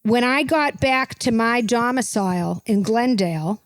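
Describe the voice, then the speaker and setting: A woman's voice: a little high, unhurried, dry recording, clean studio sound. Rambling gossipy woman podcast host. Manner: rambling and gossipy, tacking "okay?" onto her points. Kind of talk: comedic podcast chat.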